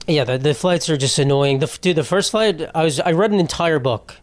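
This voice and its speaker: Profane, rambling comedy podcast host. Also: male voice, a little high, fairly quick, hardly any pauses, no room sound. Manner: profane, rambling, laughs at his own stories.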